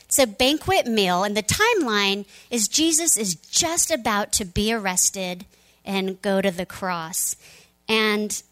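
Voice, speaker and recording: A woman pastor giving a sermon, retelling a story in a conversational, animated way. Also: mid-range voice, poor audio.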